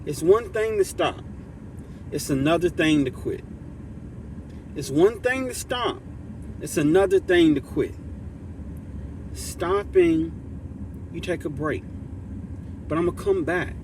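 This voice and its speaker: A man hosting a motivational livestream, high-pitched and full of swings. He talks slowly with heavy emphasis, calling out to his community and reading their chat. A faint hum of noise sits behind him. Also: lively intonation. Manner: hyped, emphatic, shouts to the community, reads chat aloud; drops to soft low voice for heartfelt thanks. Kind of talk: casual livestream talk to chat.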